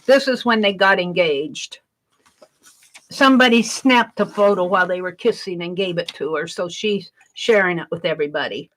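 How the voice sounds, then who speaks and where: Reading viewers' comments aloud while she sketches, a woman from Wisconsin chats her way through a live art stream. She has a fairly low, fairly bright voice at normal speed, and the recording is rough.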